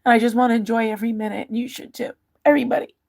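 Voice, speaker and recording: A middle-aged woman hosts a casual livestream and reads viewer comments aloud, answering them one by one. She laughs and cries at the same time as she talks. Her voice is a little high, with a gravelly, creaky edge. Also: steady tone, very fast, a little mellow. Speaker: livestream host reading chat. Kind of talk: casual emotional livestream chat.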